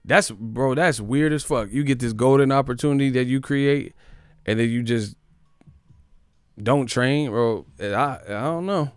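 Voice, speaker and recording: Male stream host, profane and blunt, mid-pitched voice, dry sound. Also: a little slow, clean tone, dry recording. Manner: blunt, profane, talks back to chat. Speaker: boxing channel host. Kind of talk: live stream commentary.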